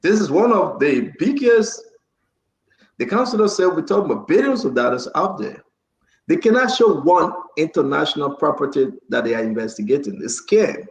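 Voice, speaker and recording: A man's voice: fairly high pitch, big pitch swings, normal speed, roomy sound, poor audio. A man hosting a heated political talk show, passionate and raising his voice. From Liberia. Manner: passionate, raises voice, repeats himself.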